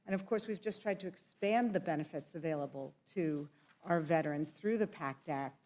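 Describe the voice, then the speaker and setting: In a hearing room, a woman from southeastern Pennsylvania who sits on a congressional committee delivers her remarks earnestly, dotted with fillers, while her voice gives out. Her voice is low-pitched and darkish, and her pace is moderate.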